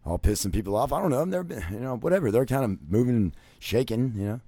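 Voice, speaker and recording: A man in the middle pitch range rants through a crude, rambling story, packed with curses and filler words. His voice swings from loud, heated bursts down to low mutters. The sound is dry and close, with no room echo. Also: expressive, fast. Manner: crude, swears constantly, many fillers like "you know". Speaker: vlogger.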